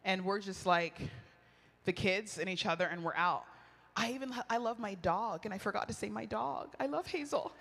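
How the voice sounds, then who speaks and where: Woman retreat speaker, bright and forceful, storytelling sermon, laughs a lot, long hall reverb. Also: medium pitch, normal speed. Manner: animated, chatty, laughs often, acts out quoted lines.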